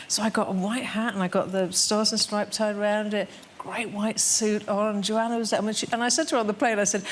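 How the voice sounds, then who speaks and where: A woman's voice: mid-range voice, fairly even intonation, fairly quick, hardly any pauses, a little hiss or hum. A woman guest on a talk show telling a comic anecdote, laughing often and quoting others in funny voices.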